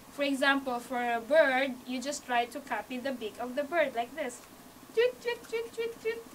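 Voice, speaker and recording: A woman's voice: high voice, fairly bright tone, far from the mic, slight background noise, rough recording. A woman from Hawaii with a Hawaii accent giving a classroom speech that teaches sign language basics, guiding her audience step by step in slightly non-native phrasing. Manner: encouraging, leads the audience through each step; non-native phrasing, small grammar slips. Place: university media room. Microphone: camcorder from across the room.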